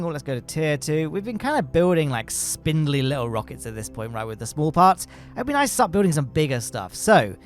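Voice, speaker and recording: Guy in his 30s narrating his game, chatty and dry, a bit high pitched. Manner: chatty, wry, explains as he plays. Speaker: gaming YouTuber. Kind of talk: casual let's-play commentary.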